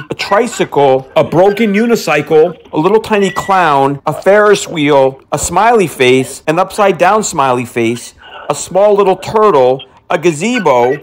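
Brief: high-pitched male prank caller, taunting, faint background hiss. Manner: mocking, taunting, slips into Hindi phrases. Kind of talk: prank phone call.

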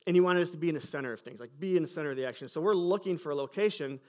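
A man from Michigan pastors a church that meets in a school cafeteria and shares its story from the pulpit. His voice sits a little high, and he tells the story earnestly, acting out each exchange as he goes. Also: racing, darkish tone. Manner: earnest storytelling, reenacting conversations. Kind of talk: sermon testimony.

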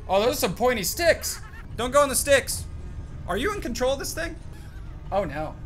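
A young man giving jokey, excited commentary as he plays a game, chatting to his companion and yelping at scares. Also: sits high. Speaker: gaming YouTuber. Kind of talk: excited let's-play commentary.

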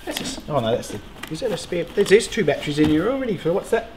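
A middle-aged Australian man hosting a beekeeping vlog, chatting casually in a jokey, excitable way and swearing freely. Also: a little high, fast, heavy background noise. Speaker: beekeeper host.

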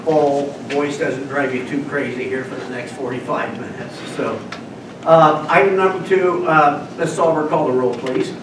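A man's voice: medium pitch, fairly even intonation, normal speed. A man with a nasal voice chairing a school board meeting through a handheld microphone, moving through the agenda in a formal, procedural way. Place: public meeting room. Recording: echoey meeting room, distant mic, background noise.

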